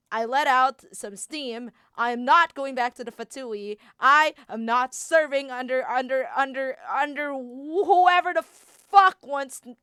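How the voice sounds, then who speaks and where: A woman voicing a bitter, enraged young male warrior in an improvised fan performance, speaking in halting, stammering bursts. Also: high-pitched, bright, forceful tone, clear, resonant tone, no room sound, studio quality. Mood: angry. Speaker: voice actor.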